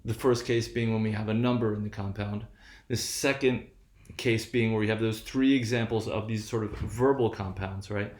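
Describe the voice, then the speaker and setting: A man's voice: lowish voice, steady tone, moderate pace, reverberant. A man giving a patient, explanatory lecture, often checking in with his listeners as he goes. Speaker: university lecturer. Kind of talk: recorded lecture.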